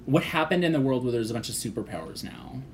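Woman with a really deep voice, asks lots of questions, lively tone, chatter behind. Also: fast talker, slight background noise. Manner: curious, asks follow-up questions, laughs easily. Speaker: podcast co-host asking questions. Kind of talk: casual chat.

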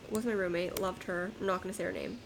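A woman's voice: fairly low pitch, fairly even intonation, quick pace, gravelly, noisy background. A young woman co-hosting a podcast, telling stories in a casual, exasperated way. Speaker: podcast co-host. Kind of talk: casual chat.

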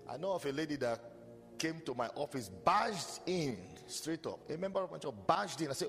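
A man preaching a sermon as pastor, animated and storytelling with mocking asides. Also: on the high side, brisk, gravelly. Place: church hall. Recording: long hall reverb with faint music.

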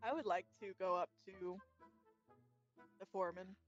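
A woman's voice: mid-range voice, fairly even intonation, normal speed, dull audio, soft background music. A woman playing a tabletop game, speaking earnestly and politely. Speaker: player. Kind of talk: casual tabletop play.

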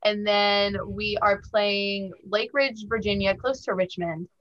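A woman's voice: medium pitch, steady tone, takes it slowly, a bit bright, faint music behind. A woman guest from a band, chatting casually and upbeat in a podcast interview. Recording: dull lo-fi audio.

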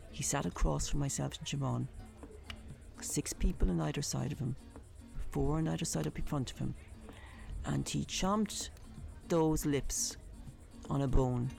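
A woman's voice: low voice, vocal fry, mellow. A woman telling a vivid personal story in a conversational, colourful way.

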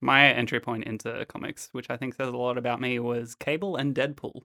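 A man's voice: mid-range voice, fairly even intonation, a little fast, bright, forceful tone. A man co-hosting a podcast in casual chat, upbeat and laughing often. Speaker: podcast co-host.

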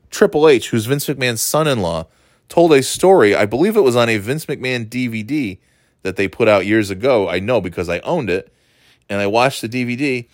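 A man hosting a casual podcast, rambling through a story, swearing freely and mimicking people in quick asides. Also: medium pitch, dry recording, studio quality. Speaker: podcast host.

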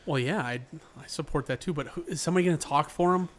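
A man's voice: fairly high pitch, quick pace. A man co-hosting a podcast, chatting loosely and rambling with plenty of swearing. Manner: loose, profane, rambling banter. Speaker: podcast co-host. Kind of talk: casual podcast chat.

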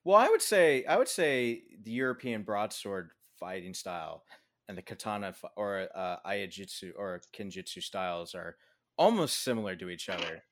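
A man co-hosting a casual film podcast, animated, swearing freely and laughing often. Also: lowish voice, normal speed. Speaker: podcast co-host.

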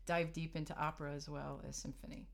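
A woman's voice: deep voice, little pitch movement, quick pace, creaky, noisy background. A middle-aged woman, a harpist guest, telling stories in a casual interview, chatty and laughing often as she quotes others.

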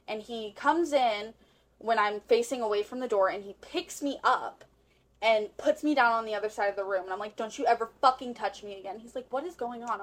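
A young woman co-hosting a podcast, telling a story in casual chat with lots of swearing and acted-out quotes. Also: on the high side. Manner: animated, swearing, acts out quotes. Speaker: podcast co-host.

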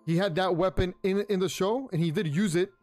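High-voiced man rambling through a review. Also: a little fast, a little mellow. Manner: rambling, repeats words, many ums. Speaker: pop culture show host. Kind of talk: casual solo review talk. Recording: faint music underneath.

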